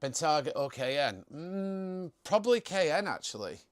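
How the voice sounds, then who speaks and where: A man's voice: a little high, sing-song, moderate pace. A young man hosting a casual live stream, chatting in a jokey way and reading out viewer comments.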